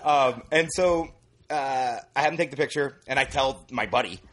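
A man's voice: medium pitch, normal speed, fairly bright tone. A man guesting on a podcast, telling a long rambling story in casual chat. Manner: rambling storyteller, many fillers.

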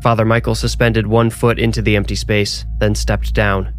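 A man reading a scripted horror story in a measured, suspenseful way. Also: on the low side, little pitch movement, faint music behind. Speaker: narrator and author.

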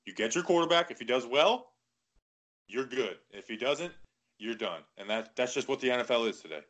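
A man co-hosting a casual sports podcast, talking in lively, quick bursts. His voice sits at a middle pitch. He keeps cutting in with "like" as he builds his argument. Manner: animated, talks in quick bursts with lots of "like". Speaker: podcast co-host.

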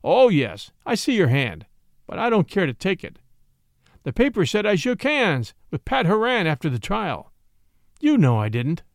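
A man's voice: huge pitch swings, normal speed, dry recording, clean studio sound, heavily acted. A man putting on a sneering vengeful sociologist. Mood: scornful. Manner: mocking, theatrical, shrill when feigning outrage. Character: vengeful sardonic middle-aged male sociologist.

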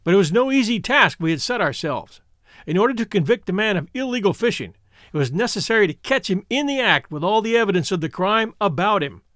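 Expressive male storyteller, high lively voice. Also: a little fast, no echo, studio quality. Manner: expressive reading with lively pitch. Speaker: audiobook narrator. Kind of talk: scripted first-person story narration.

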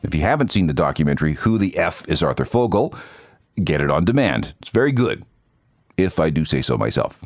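A man's voice: extremely low pitch, very animated, brisk, darkish tone, no echo. A man hosting a podcast, telling music-industry stories in scripted narration with dry asides. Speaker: podcast host. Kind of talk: scripted radio-style narration.

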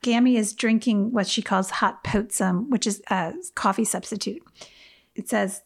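A woman's voice: mid-range voice, steady tone, moderate pace, gravelly. A woman in casual book talk, enthusiastic and laughing often as she reads passages aloud.

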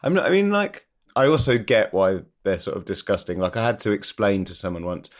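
Man, podcast host, low voice, dry, wry, casual swearing. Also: sing-song, brisk. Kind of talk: casual interview chat.

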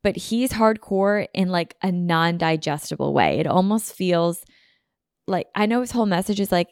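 A woman's voice: fairly low pitch, normal speed, a little mellow, dry recording, studio quality. A woman hosting a solo podcast, chatting casually and rambling with lots of "like" fillers. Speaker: podcast host.

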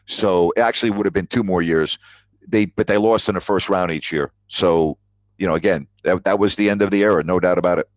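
A man's voice: low-pitched, brisk, no echo. A man hosting a call-in sports talk show, telling stories with emphatic repetition. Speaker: sports radio host. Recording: dull lo-fi audio.

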